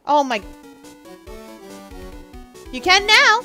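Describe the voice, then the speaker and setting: A woman's voice: high-pitched, very animated, a little slow, a bit bright, soft background music. A young woman streamer chatting and joking with her viewers during a live game stream. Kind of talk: live gaming stream chat.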